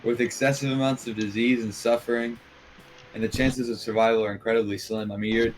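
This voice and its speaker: A man's voice: medium pitch, fairly even intonation, brisk. A man in casual chat over a card game, arguing in a crude, joking way. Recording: noisy background.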